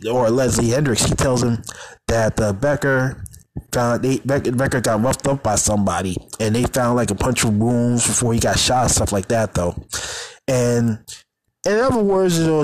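A man's voice: medium pitch, normal speed, a little mellow, slight background noise, rough recording. A man casually recapping a TV episode in a rambling, filler-heavy way, often tacking on "though". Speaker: show recapper.

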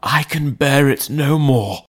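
A man voicing a frightened, anxious butler who speaks in a strained, pleading, hoarse way. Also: medium pitch, slow pace, fairly bright tone, pitched above the performer's own voice. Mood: fearful. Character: frightened male butler, middle-aged, anxious and dogged.

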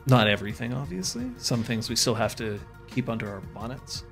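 A man's voice: mid-range voice, expressive, a little fast, vocal fry, over music. A man hosting a tabletop stream, chatting casually with many fillers and restarts. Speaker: game master and stream host. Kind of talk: casual announcement chat.

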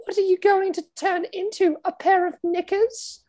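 Someone putting on a shrill posh English lady. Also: steady tone, normal speed, a little mellow. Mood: flirty. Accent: put-on posh English.

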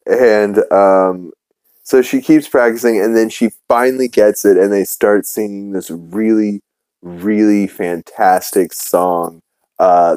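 A man's voice: low-pitched, fairly even intonation, a little slow, dark tone, no echo. A man hosting a podcast, casually recapping a cartoon episode with lots of ums and uhs. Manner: rambling, many fillers. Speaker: podcast host.

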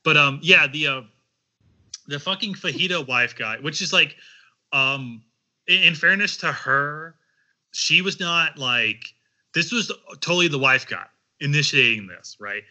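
Bright-voiced man in crude banter. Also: fairly high pitch. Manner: rambling, halting, slips into mocking impressions.

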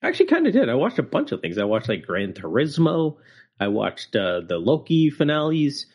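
His medium-pitched voice is brisk with a breathy edge, and the audio sounds dull. As a podcast co-host he tells stories casually and with animation, acting out quotes and using plenty of fillers.

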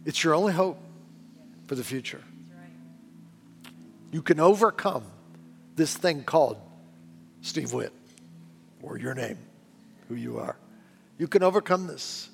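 Male pastor, sermon, earnest and pleading, somewhat high voice, long reverb, faint music bed. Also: lively intonation, measured pace, creaky, long pauses. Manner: earnest, pleading, drops to hushed tones.

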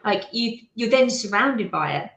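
A woman's voice: on the high side, lively intonation, moderate pace, a bit bright. A woman chatting casually as a podcast co-host, thoughtful and earnest, sometimes restarting her sentences. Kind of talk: casual chat. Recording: roomy echo.

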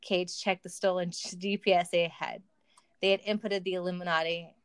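Woman, comedic story reading, amused, smooth clear voice, dry close sound. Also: on the low side, little pitch movement, moderate pace, no room sound. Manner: amused, laughs while reading. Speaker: story reader. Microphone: call with a listener.

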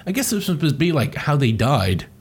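A man's voice: fairly high pitch, very animated, normal speed, breathy edge. A man casually recapping a cartoon with rambling asides, swearing and laughing. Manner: rambling, profane, laughing often.

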